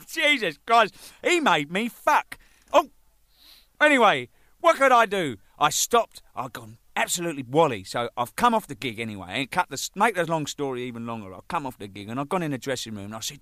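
Ex-band drummer, animated swearing raconteur, bright and lively voice. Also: male voice, fairly high pitch, a little fast, no echo, studio quality. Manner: swears freely, acts out the people in his stories. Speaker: drummer telling band anecdotes. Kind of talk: casual anecdotal storytelling.

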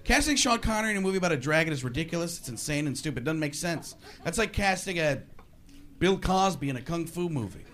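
A man doing a stand-up comedy set, animated and bouncing between asides and impressions. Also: a little high, quick pace. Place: comedy stage before a live audience. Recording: live club recording with crowd and hiss.

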